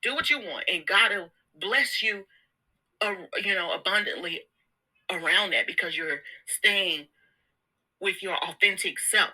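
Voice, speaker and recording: Bright-voiced woman giving casual pep talk. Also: medium pitch, unhurried, rough recording. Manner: candid, laughs often, repeats words; slangy, informal. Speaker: self-help vlogger. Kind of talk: casual motivational monologue.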